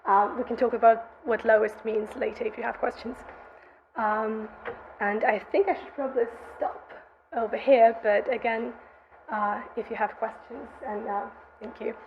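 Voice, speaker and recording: A woman with a slightly high voice gives an academic conference talk. She explains slides in a measured way, with frequent fillers as she points to figures. The sound is roomy and a little muffled, with faint background noise. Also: fairly even intonation. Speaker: conference presenter.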